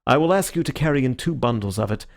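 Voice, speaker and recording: This audiobook reading features a man voicing a composed, theatrical gentleman detective with a measured and courteous manner. His voice is natural and sits in the mid range.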